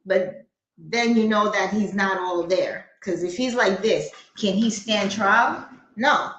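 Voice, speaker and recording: A woman's voice: mid-range voice, slow, fairly bright tone, echoey room, lo-fi sound. A woman from New giving blunt, skeptical commentary on a crime case during a live stream. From New York. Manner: blunt, skeptical, talks back at the clip.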